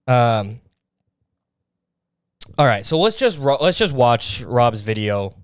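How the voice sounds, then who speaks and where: A man's voice: medium pitch, very animated, slow, clear, resonant tone, no room sound, clean studio sound. A man hosting a podcast, ranting in a crude, sarcastic and mocking way. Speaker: podcast host. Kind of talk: casual podcast rant.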